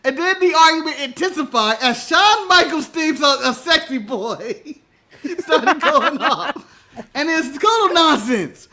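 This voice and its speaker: A male podcast co-host telling a story in casual chat, animated, laughing often and swearing freely. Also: extremely high pitch, measured pace.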